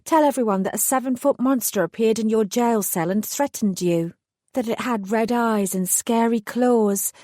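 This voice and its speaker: A woman voicing a cruel fairy godmother who coos and taunts with calm menace in an audiobook. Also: a little high, normal speed, no echo, clean studio sound, voice pushed up, natural voice. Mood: mocking. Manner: cooing, teasing, calm menace. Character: coolly cruel female fairy godmother, mocking.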